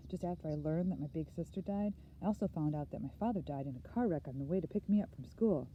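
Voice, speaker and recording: A woman reading a first-person novel aloud in an earnest, measured storytelling manner. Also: deep voice, phone-quality sound, a little hiss or hum. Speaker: audiobook reader.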